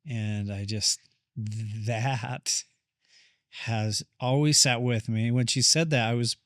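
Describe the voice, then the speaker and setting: Reflective male therapist guest, candid storyteller, mid-pitched voice, dry room. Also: steady tone, slow, a bit bright, dry recording. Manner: reflective, candid, relives moments in quoted speech. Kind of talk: personal storytelling interview.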